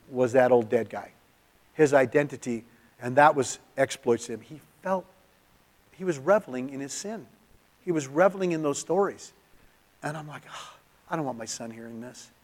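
A middle-aged man from California preaching in a church, telling a personal story in an emotional, confessional way, often dropping to a near-hush. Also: on the high side, lively intonation, normal speed. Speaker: pastor. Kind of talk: sermon storytelling.

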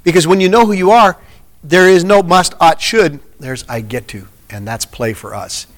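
A man's voice: high-pitched, lively intonation, normal speed. A middle-aged man, a pastor, giving an informal sermon and chatting earnestly with a small group.

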